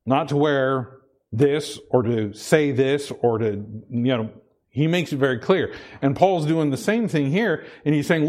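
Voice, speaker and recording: A man preaching a sermon in a conversational way, often repeating himself and asking the congregation "Amen?", sometimes rising high with excitement. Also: a little slow. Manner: animated, rises high and loud when excited. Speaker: pastor.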